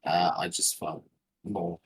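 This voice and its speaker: A man chats on a podcast in a slow, hesitant way, stopping often to find his words. His voice sits fairly low and sounds husky. He often stalls and restarts his sentences. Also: fairly even intonation, rough recording. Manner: halting, full of filler sounds and restarts. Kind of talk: casual chat.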